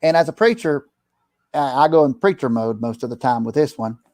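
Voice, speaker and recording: A man's voice: medium pitch, expressive, fairly quick, a little mellow, no echo, clean studio sound. A middle-aged man, a preacher, talking earnestly in casual conversation, rambling with restarts and slipping into preachy advice.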